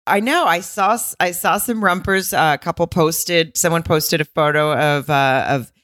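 A woman comedian co-hosting a podcast in casual, teasing chat, quick to laugh. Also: deep voice, fairly bright tone, dry recording, studio quality.

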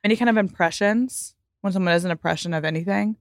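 A young woman hosting a casual podcast chat, blunt and animated, acting out little quoted voices. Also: medium pitch, fast talker, dry recording, studio quality. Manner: animated, mimics others in quoted asides. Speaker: podcast host.

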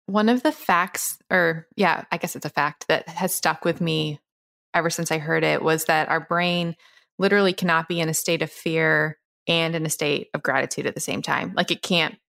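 A woman hosting a podcast interview, speaking with measured enthusiasm. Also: deep voice, fairly even intonation, vocal fry, fairly bright tone. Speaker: podcast host.

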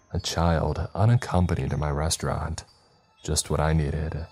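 A man steadily narrating a first-person horror story in a measured, scripted style. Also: rumbling low, flat delivery, darkish tone, husky, faint music behind.

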